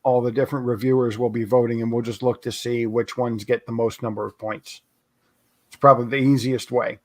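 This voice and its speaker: A man hosting a casual livestream chat over a video call, relaxed and jokey, reading questions from the chat. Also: medium pitch, a little fast. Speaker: host.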